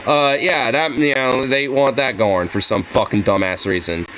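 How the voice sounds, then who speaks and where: A man's voice: mid-range voice, fairly even intonation, moderate pace, a bit bright, slight background noise. A young man filming his workplace kitchen on a phone, ranting and swearing in frustration. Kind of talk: profane ranting vlog.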